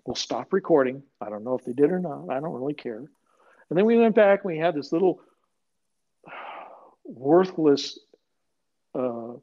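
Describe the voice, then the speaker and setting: A man's voice: a little high, sing-song, unhurried, pauses often, dull audio. An older man, a retired police sergeant, telling stories bluntly and with profanity in an interview. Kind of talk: animated storytelling interview.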